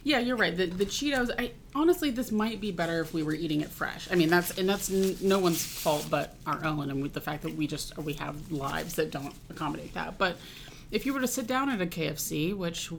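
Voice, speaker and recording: A woman co-hosting a podcast in casual chat, chatty and halting with fillers, laughing often, on a studio mic. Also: on the low side, expressive, creaky, slight background noise. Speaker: podcast co-host.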